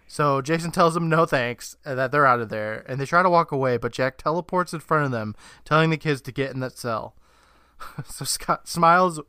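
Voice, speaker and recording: A man with a bright, forceful voice recaps a TV episode for a podcast. He talks in a loose, laughing way, swears freely and slips into quick character impressions. His voice sounds dry and close, with no room echo. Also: fairly high pitch, clean tone. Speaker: podcast co-host.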